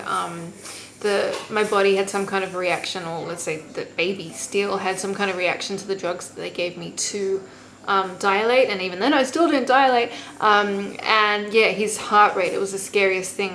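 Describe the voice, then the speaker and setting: Young woman vlogger, mid-pitched, blunt and profane, casual storytelling, faint noise behind. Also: fairly bright tone, rough recording. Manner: candid, swears freely, acts out quotes.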